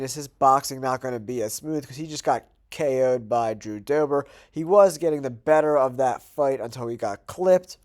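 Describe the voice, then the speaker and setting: A man's voice: medium pitch, darkish tone. A man hosting his own channel, sounding nasal from a cold, chatting casually through his betting picks and thinking aloud with fillers. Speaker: host. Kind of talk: casual betting predictions monologue.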